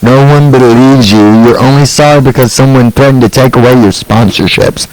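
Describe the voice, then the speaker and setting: A man's voice: mid-range voice, steady tone, a little fast, darkish tone, no echo, rough recording. A man, ranting through a sarcastic, profane stand-up set. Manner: angry, sarcastic and profane, with mocking put-on quotes. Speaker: stand-up comedian.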